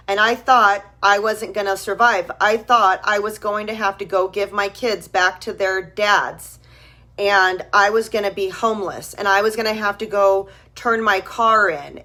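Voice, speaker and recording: A woman's voice: mid-range voice, fairly even intonation, normal speed, bright, forceful tone. A woman in her thirties on a live stream, talking earnestly and emotionally to her followers and repeating phrases for emphasis. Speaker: vlogger.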